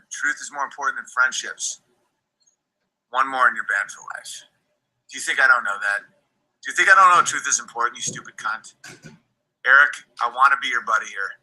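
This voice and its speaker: A man's voice: mid-range voice, poor audio. A man ranting angrily on a livestream, swearing and repeating threats while reading chat comments aloud. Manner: profane, shouting threats, repetitive. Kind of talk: angry livestream rant.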